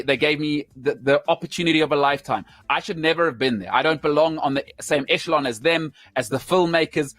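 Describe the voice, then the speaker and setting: Hosting a casual sports talk show, this man gushes with gratitude and stammers through frequent restarts. His voice is fairly high-pitched and bright, and the recording is dry.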